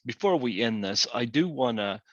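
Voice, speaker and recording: A man's voice: medium pitch, expressive, moderate pace, fairly bright tone, no room sound, muffled recording. A man hosting a podcast interview, hesitant, with many ums and uhs. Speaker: podcast host. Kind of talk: casual interview talk.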